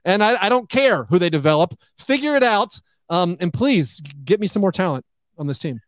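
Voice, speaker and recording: A man talking as a guest on a podcast, animated, full of "like" and acting out what other people say. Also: high voice, a little fast, dry recording. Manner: animated, acts out quoted remarks, heavy use of "like". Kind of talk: casual podcast chat.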